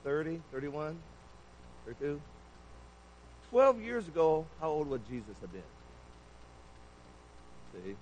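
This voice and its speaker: A man's voice: mid-range voice, animated, moderate pace, long pauses, a little mellow, slight background noise, low-quality recording. A man preaching a sermon in a church, keeping it conversational and putting many questions to the congregation.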